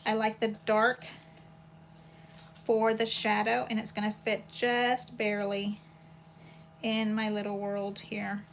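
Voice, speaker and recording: A woman with a creaky, mid-range voice hosts a paper crafting video, speaking slowly with long pauses. She chats casually, rambles, and thinks out loud while working. The home recording has poor audio and steady background noise.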